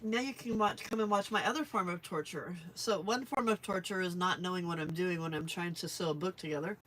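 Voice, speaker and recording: A woman's voice: on the low side, brisk, a bit bright, slight background noise. A woman hosting a live crafting stream, chatting casually and rambling as she works and answers her viewers. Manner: rambling, chatty, often laughs, reads live chat. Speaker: crafting livestream host. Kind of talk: casual chat while crafting.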